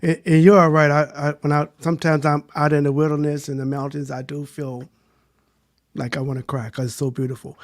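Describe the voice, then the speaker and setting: A man joking and telling animated little stories as a panelist on a live-stream chat over a video call. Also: a little high, brisk.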